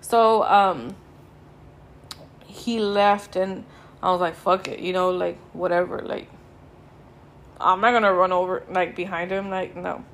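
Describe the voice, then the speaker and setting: A woman's voice: on the low side, steady tone, unhurried, pauses often. A young woman, hosting a podcast and telling a story in casual, sweary, laid-back speech that drags with tiredness. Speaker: podcast host.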